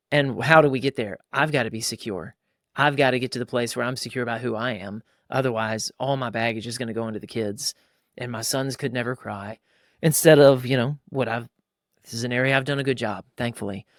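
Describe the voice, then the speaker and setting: A man in his thirties co-hosting a casual faith-based parenting chat, animated and acting out fathers and kids in quick voices. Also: mid-range voice, no echo, studio quality. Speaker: podcast co-host.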